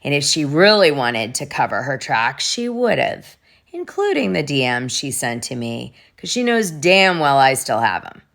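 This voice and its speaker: A woman with a deep yet bright and punchy voice hosts a casual gossip vlog. She chats freely, swears often and reads private messages aloud. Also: very animated, a little slow, creaky. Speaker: gossip show host.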